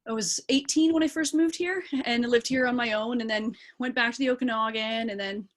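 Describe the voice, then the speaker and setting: A woman's voice: a little high, brisk. A young woman from British Columbia, an actor and singer, chatting casually as an interview guest over a video call and rambling with lots of ums and yeahs. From British Columbia, Canada.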